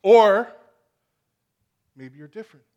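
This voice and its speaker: A man preaching a sermon to a congregation, animated and acting out the voices in his stories. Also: high-pitched, slow, dull audio. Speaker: pastor. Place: church hall with congregation.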